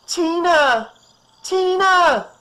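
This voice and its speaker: A man's voice: very high-pitched, animated, very slow, sharp tone, pitched above the performer's own voice, full character voice, rough recording. A man voicing a hysterical mother who shrieks and cries as she searches for her daughter. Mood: frantic screaming. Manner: shrieking, frantic, pleading. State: crying.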